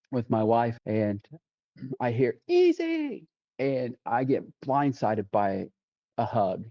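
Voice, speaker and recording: On a podcast, a man who works as a deputy sheriff shares his testimony in a warm, medium-pitched voice. His storytelling is vivid, full of quoted dialogue and frequent sentence restarts, captured on a dull lo-fi recording.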